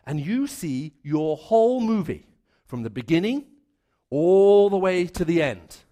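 An earnest male preacher delivering a sermon with a voice pitched a little high for a man. He stacks up repeated phrases to drive each point home and drops lower and quieter when he tells a story. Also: animated, a little slow.

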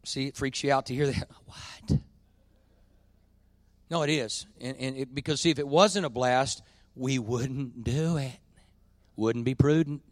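A middle-aged man preaching a sermon in a church, folksy and confessional, swinging between quiet admissions and loud emphatic points. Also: mid-range voice, measured pace, dry recording. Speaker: pastor.

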